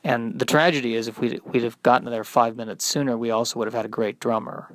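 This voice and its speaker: Guy playing a low mopey sighing rock singer, mumbly and quiet, dry mic. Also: level tone, fast, dry recording, natural voice. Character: gloomy male alt-rock singer, hopeless.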